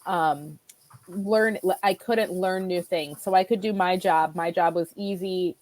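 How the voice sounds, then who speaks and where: A woman guest telling her own health story in a chatty, animated way, often restarting her sentences. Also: lowish voice, a little slow, no echo. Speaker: guest, nutritional therapy practitioner. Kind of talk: conversational personal storytelling.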